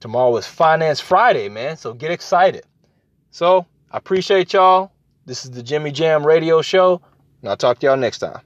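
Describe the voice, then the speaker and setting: A man's voice: on the high side, lively intonation, normal speed, muffled recording. A man hosting his own podcast, signing off in a casual, friendly way and speaking directly to his listeners. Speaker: podcast host.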